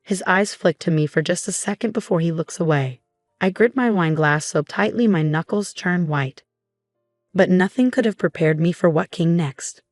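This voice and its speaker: Young woman reading a story, low-ish voice, dry sound, faint music under it. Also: moderate pace, dry recording. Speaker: narrator. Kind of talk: first-person story narration.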